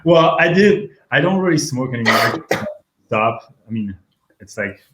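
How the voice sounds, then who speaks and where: A man around thirty speaks with a French accent in a loose, candid interview, laughing easily between his answers. His voice sits at an ordinary pitch and carries the echo of a roomy home kitchen. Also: expressive, moderate pace, a bit bright. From France. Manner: laughs often, candid and joking. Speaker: guest. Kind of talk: casual interview chat.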